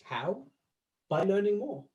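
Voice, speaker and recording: A male life coach giving a coaching talk to a small group, instructive, slowing down to stress key words and laughing easily. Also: high-pitched, sing-song, a little mellow, dull audio.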